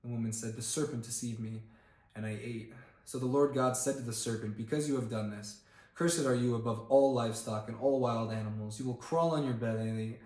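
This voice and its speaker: A man's voice: medium pitch, brisk, darkish tone. Casual man reading scripture aloud in an echoey room. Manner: reads aloud with plain emphasis, stops to look up words and comment. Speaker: Bible reader and channel host. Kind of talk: casual Bible reading on camera. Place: indoor room, filmed on camera.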